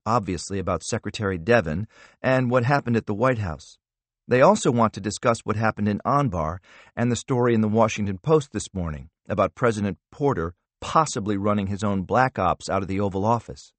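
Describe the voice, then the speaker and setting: A brisk, poised woman chief of staff, as a man reads her lines in an audiobook. She sounds knowing and to the point, with lively pitch and a dry, close sound. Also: no echo, lightly acted.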